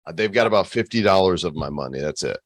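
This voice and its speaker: A man's voice: deep voice, animated, quick pace, dry recording. A man playing a podcast quiz contestant, telling an anecdote in casual chat with a dry delivery.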